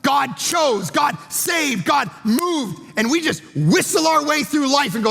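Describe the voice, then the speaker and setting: A male pastor delivers a sermon in a high, gravelly voice. He tells stories with lively energy and acts out other people's lines. Long reverb from a large hall trails each phrase. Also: a little slow, faint music behind. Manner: storytelling, animated, acts out quotes.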